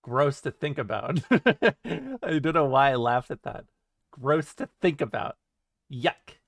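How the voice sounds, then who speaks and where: A man's voice: medium pitch, very animated, slow, creaky, a bit bright, no echo, studio quality. A man streaming live, reading his chat aloud and joking around with plenty of swearing and laughter. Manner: joking and profane, often laughing. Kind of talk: casual livestream chat reading.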